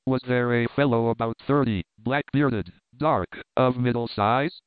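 A man reading as a calm shrewd detective. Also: medium pitch, no echo, close to an everyday voice. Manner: measured, composed. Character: calm, shrewd male detective, middle-aged. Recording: dry tinny phone-like sound.

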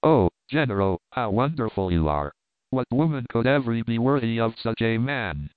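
A man's voice: medium pitch, lively intonation, normal speed, dry recording, close to an everyday voice. A man voicing a passionate young Italian wife in an impassioned, exclaiming way, in a tinny recording. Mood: exultant. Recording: dry tinny phone-like sound.

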